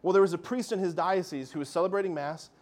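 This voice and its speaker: A man giving a lively Catholic faith talk, telling miracle stories with animation and calling his listeners "guys". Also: high voice, fast talker. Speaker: Catholic speaker.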